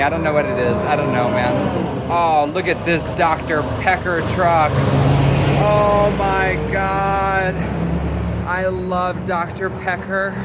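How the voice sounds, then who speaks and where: A depressed young man rambling in a self-deprecating, foul-mouthed confessional vlog from city streets. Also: a little high. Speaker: vlogger. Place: city streets and bus stop outdoors. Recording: loud street traffic noise. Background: cars and city traffic.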